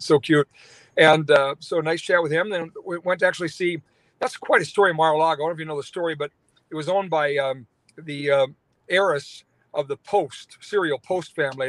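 A man's voice: on the high side, a bit bright, no room sound. A man, a radio talk show host, telling a long story with lots of fillers and restarts. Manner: rambling, many fillers and restarts. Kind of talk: phone-in interview storytelling.

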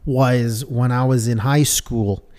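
A young man co-hosting a podcast, swearing constantly as he tells a story in lively casual chat with voiced quotes. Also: mid-range voice, takes it slowly. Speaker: podcast co-host.

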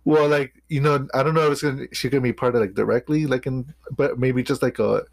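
A hesitant man co-hosting a podcast, rambling through his thoughts with frequent restarts and trailing ideas. His mid-pitched voice is recorded dry and close, with little room sound around it. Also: fairly even intonation, fast, vocal fry, dry recording. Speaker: podcast co-host. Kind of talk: casual chat.

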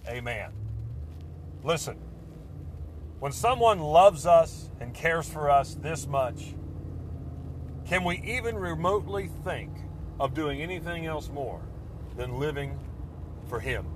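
A man preaching a sermon with fervent, repetitive phrasing that swells and then drops to a hush. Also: fairly high pitch, expressive, slow pace, long pauses, slight background noise.

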